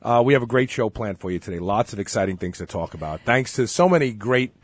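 Lively, opinionated male podcast host. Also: fairly low pitch, quick pace. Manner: animated, opinionated, frequent restarts. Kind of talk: casual chat.

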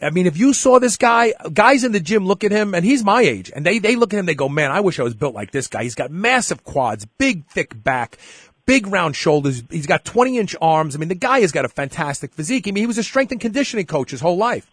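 A man's voice: high voice, fairly quick, slightly rough, no echo, studio quality. A middle-aged man hosting a show, telling a story in casual chat and acting out the dialogue. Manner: animated storyteller, acts out dialogue. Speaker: show host.

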